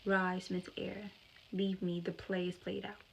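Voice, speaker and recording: Brooding gentleman disguised as a fortune-teller, read by a woman, flat low voice, slow dreamy lines. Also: gravelly, a little hiss or hum, poor audio. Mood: wistful.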